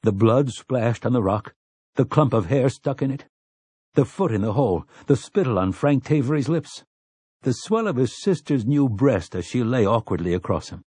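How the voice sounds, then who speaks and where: A man reading a novel aloud as an audiobook narrator in measured storytelling. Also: mid-range voice, expressive, warm tone, breathy edge, dry recording. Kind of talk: scripted narration.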